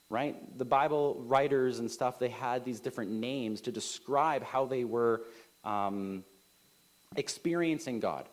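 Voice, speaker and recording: A pastor, a man in his thirties, delivering a casual, conversational sermon full of "like" and "right?". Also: medium pitch. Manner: conversational, many filler likes and rights, rising emphasis.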